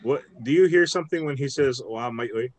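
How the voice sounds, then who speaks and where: A man's voice: mid-range voice, brisk, background noise. A man teaching an online language class over a video call, patient and thinking aloud with many restarts.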